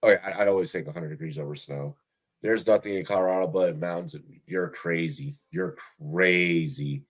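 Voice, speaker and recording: A young man hosts a fantasy football show over a remote call, chatting casually and profanely and rambling with lots of fillers and restarts. His voice is low-pitched, fast and a little mellow.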